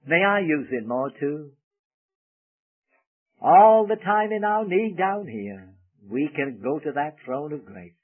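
An earnest male preacher whose voice swells loud on key words and falls soft after. He sits a little high and moves with lively pitch, with a husky edge. The sound is tinny and phone-like, like an old radio broadcast. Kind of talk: sermon.

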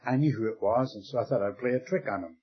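An older man preaching a sermon, with dramatic pauses and drops to a hushed voice on key words. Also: mid-range voice, slightly rough. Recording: dull lo-fi recording.

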